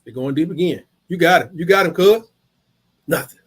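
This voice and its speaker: A man's voice: a little high, normal speed, slightly rough. A man hosting a live game watch-along, rambling through casual stories in colloquial slang. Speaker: live stream host.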